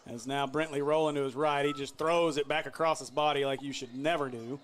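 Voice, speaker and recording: A man doing play-by-play for a high school football game, joking with his partner and shouting on big plays. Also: fairly even intonation, a little fast, a little hiss or hum. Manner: jokey, laughs often, shouts big plays. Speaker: play-by-play announcer.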